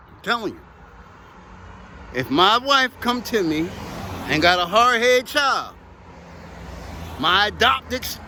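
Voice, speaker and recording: A man's voice: very high-pitched, sharp tone. A man who operates heavy equipment, telling profane, emphatic, rambling stories about the job in casual talk outdoors near traffic. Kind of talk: casual storytelling to camera.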